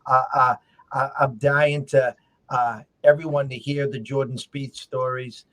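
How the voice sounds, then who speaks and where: A man hosting a casual interview talks eagerly and trips over his words, with plenty of fillers and restarts. His voice sits at an ordinary middle pitch. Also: little pitch movement, unhurried, fairly bright tone, rough recording. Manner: eager, stumbling, with many fillers. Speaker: host.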